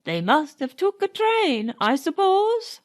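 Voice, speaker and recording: A woman's voice: very high voice, big pitch swings, takes it slowly, voice pushed up, heavily acted. A woman voicing a fond, gossipy old nanny with a British accent. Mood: wondering.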